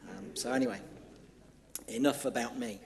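A man's voice: medium pitch, moderate pace, a little hiss or hum. A man from northwest England near Liverpool, with a Merseyside accent, preaching a sermon as a church minister in an easy, conversational way. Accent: northwest English, Merseyside.

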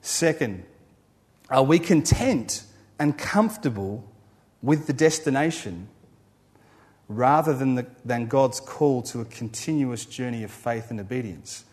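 A man preaching a sermon, building emphatic lists and then dropping to a quiet, low close. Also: expressive, unhurried. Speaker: pastor.

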